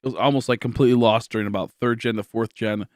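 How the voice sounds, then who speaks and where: A man's voice: medium pitch, steady tone, fast, no room sound, clean studio sound. A tired young man from Michigan chatting casually on a livestream, rambling with lots of fillers and restarts. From Michigan, USA. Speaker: livestream host.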